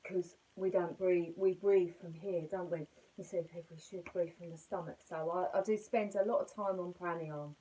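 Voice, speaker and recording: A woman's voice: lowish voice, fairly even intonation, normal speed, few pauses, mellow, slight background noise, poor audio. A middle-aged woman teaching yoga basics at home, chatty, rambling and self-mocking. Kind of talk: casual spoken lesson.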